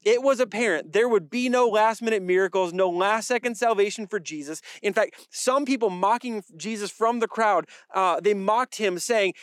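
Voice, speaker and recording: Male pastor, high voice, conversational sermon delivery with wry asides, dry recording. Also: normal speed, dry recording. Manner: conversational preaching with dry jokes and repeated phrases.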